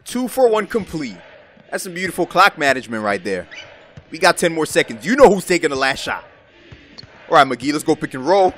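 A young man giving excited, trash-talking commentary over his own basketball video game play. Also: fairly high pitch, fairly quick. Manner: hyped, exclaiming, trash-talking. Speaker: gaming YouTuber. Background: background music.

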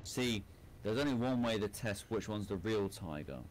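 A man's voice: lowish voice, expressive, moderate pace, a little hiss or hum. A tipsy man leading a platoon over voice chat, announcing moves and bantering with the squad. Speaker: platoon leader. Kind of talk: casual game voice chat.

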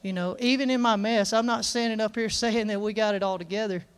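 A man's voice: high-pitched, fairly even intonation, a little fast, clear, resonant tone. A man preaching a sermon in a church service, folksy and earnest, reading scripture aloud with emphasis.

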